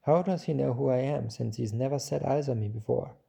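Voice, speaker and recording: A man's voice: medium pitch, fairly quick, vocal fry, mellow, breathy edge. A man doing a timid, polite little prince.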